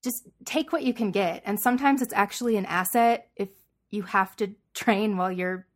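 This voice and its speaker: A woman's voice: medium pitch, moderate pace. Woman telling a story with lots of "like". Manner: storytelling, many "like" fillers, laughs often. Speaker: podcast co-host. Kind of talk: casual chat.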